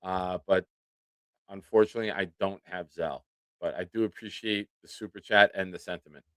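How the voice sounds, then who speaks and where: A man's voice: low voice, brisk, dry recording. Chatty man hosting a live sports stream. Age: 40s. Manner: relaxed, chatty, self-deprecating. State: nursing a swollen tooth. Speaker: podcast host. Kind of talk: casual live-stream chat.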